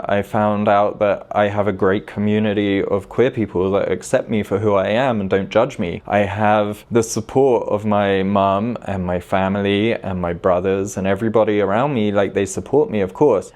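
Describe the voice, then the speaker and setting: A man's voice: fairly low pitch, steady tone, normal speed, a little mellow. A man, telling a personal story to camera in a confessional way and repeating words for emphasis. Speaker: vlogger.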